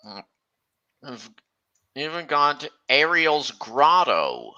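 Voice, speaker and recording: Slow, halting man with a bright voice. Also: medium pitch, animated, clean tone, lo-fi sound. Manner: halting, many restarts, slow and meandering. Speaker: streamer. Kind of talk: casual chat.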